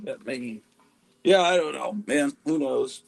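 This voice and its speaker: Unhurried and creaky, this mid-range male voice comes through a rough recording. He's streaming live from a comic-filled room at home, rambling casually and making fun of himself.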